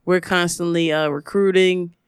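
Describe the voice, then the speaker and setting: A man in casual chat, telling stories in an animated, slangy way. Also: high voice, moderate pace, clean tone, dry recording, studio quality.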